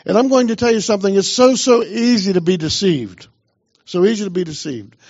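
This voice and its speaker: A man's voice: high-pitched, a little fast, darkish tone, husky, highs cut off. A man pastor preaching a sermon with emphasis, urging the congregation on.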